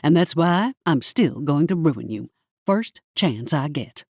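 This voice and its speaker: A spiteful, gum-chewing hairdresser witch, voiced by a woman reading an audiobook, snaps her words back in a defensive, grudging tone. Her lines swing up and down with lively emphasis. The sound is dry and close. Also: deep voice, a little slow, no room sound, heavily acted. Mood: resentful. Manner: snippy and defensive. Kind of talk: audiobook character voice.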